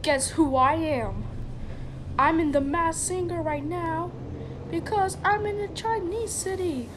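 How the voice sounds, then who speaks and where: A woman's voice: very high-pitched, slow pace, noisy background. A woman voicing a boastful white lion in a playful, teasing manner.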